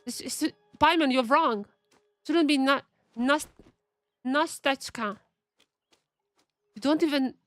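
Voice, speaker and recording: A woman's voice: on the high side, fairly bright tone, dry recording. A young woman streaming a game, chatting casually and thinking aloud as she reads the game's text. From Eastern Europe. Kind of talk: casual gameplay commentary.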